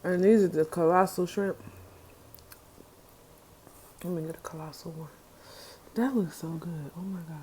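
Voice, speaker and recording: A woman vlogger chatting casually in slang while eating on camera, with a relaxed, chatty manner. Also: on the low side, measured pace, pauses often, slight background noise. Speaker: mukbang vlogger. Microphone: mic clipped near her.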